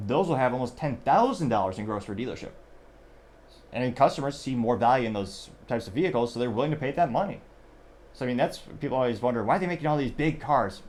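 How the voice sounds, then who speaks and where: A man's voice: medium pitch, expressive, fairly quick, a little mellow, a little hiss or hum. A young adult man hosting a show, giving rambling, conversational news commentary and often correcting himself. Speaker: show host.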